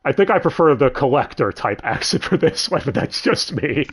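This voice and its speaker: A young man hosting a casual livestream, his pitch bouncing up and down as he talks. He rambles, trips over his words, swears freely and corrects himself mid-sentence. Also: sing-song, moderate pace, husky. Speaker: stream host.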